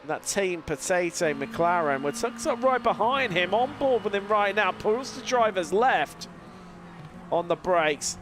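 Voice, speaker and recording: A man calling a sim race as a live commentator. He has a lingering cold, talks in a lively play-by-play with fillers and mid-sentence restarts. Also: high voice, a little slow. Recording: voice over loud race car noise. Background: racing car engine sounds.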